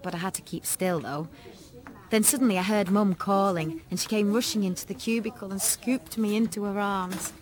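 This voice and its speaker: A woman's voice: mid-range voice, fairly even intonation, moderate pace. A woman reading a first-person children's story aloud expressively. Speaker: audiobook narrator.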